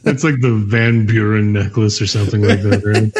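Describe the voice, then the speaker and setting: A man's voice: lowish voice, fairly even intonation, moderate pace, darkish tone, breathy edge. A man chatting on a movie podcast, making dry, brief remarks. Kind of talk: casual movie review chat. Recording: dull lo-fi sound.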